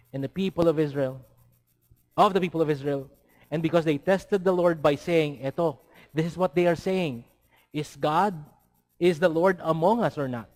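A man's voice: fairly high pitch, a little mellow. A man preaching a sermon, asking his listeners rhetorical questions and dropping in Tagalog words.

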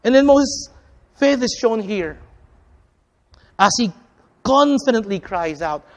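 A preacher delivering a sermon with a repetitive, emphatic cadence, calling the listeners friends and swinging between loud stresses and soft, drawn-out phrases. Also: medium pitch, big-room sound, dull audio.

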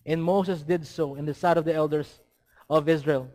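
A man's voice: on the high side, fairly even intonation, moderate pace, dark tone. A man preaching a sermon, asking his listeners rhetorical questions and dropping in Tagalog words.

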